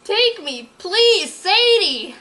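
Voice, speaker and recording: A woman's voice: sits high, animated, a little slow, bright, forceful tone, exaggerated voice. A woman voicing an eager, loyal young male dog who speaks urgently and pleads, in a storybook reading.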